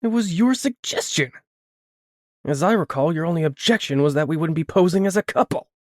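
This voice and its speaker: A man's voice: a little high, animated, a little fast, dry recording, studio quality, pitched above the performer's own voice, natural voice. A man voicing a guarded young heroine. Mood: tense, guarded. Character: wary young woman heroine under pressure.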